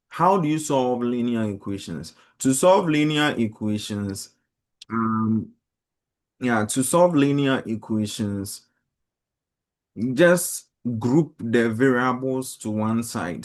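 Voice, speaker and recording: A teacher with a lowish voice leads a math lesson in a classroom, laying out each step plainly and repeatedly asking the class questions.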